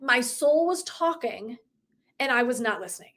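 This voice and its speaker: A woman life coach speaks on a live motivational broadcast in a fairly high voice. She is emphatic and swears freely, laughing often as she acts out conversations with her listeners. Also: animated, moderate pace, fairly bright tone.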